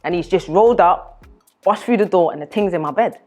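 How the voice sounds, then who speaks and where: A young woman, a podcast guest telling her stories in casual, animated chat. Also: on the low side, fairly quick, soft background music. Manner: animated storyteller, acts out voices in quotes. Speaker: guest, spoken word artist.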